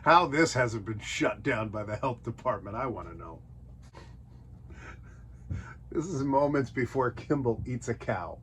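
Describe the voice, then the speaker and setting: Lively, joking man reviewing old books. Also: medium pitch, normal speed, a little hiss or hum. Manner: jokey, puts on silly character voices. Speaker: nostalgia show host. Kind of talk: casual comedic commentary.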